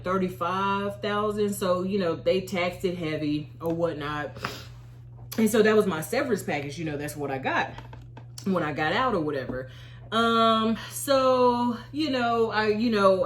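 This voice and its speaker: This storytime vlog comes from a woman in her thirties who served in the Army. Her voice sits at medium pitch, and she narrates animatedly and expressively, acting out how she reacted.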